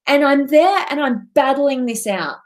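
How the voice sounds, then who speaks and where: A woman's voice: high-pitched, lively intonation, measured pace. A woman coach giving an earnest, impassioned motivational talk to her viewers. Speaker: transformational coach and speaker.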